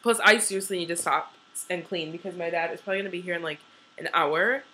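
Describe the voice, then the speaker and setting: A woman's voice: fairly low pitch, quick pace, sharp tone, a little hiss or hum, low-quality recording. A young woman chatting casually to her camera at home, rambling and giggly with lots of fillers. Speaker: vlogger.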